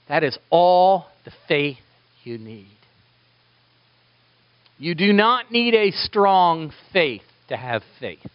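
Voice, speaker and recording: A male pastor preaching a sermon, swinging from loud, high pleading prayers down to hushed near-whispers. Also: animated, slow pace, few pauses, smooth, no echo, muffled recording.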